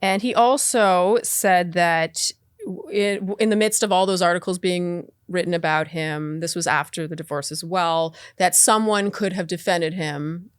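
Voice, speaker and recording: A woman hosting a podcast, carefully and apologetically reading out claims to her guest in a measured tone. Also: fairly low pitch, fairly even intonation, clear, resonant tone, no room sound, studio quality. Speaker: podcast host. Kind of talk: interview, reading book excerpts.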